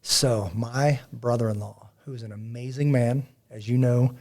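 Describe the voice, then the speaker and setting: A man hosting a casual faith podcast, telling stories in a rambling, animated way with many fillers. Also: mid-range voice, a little slow. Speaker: podcast host.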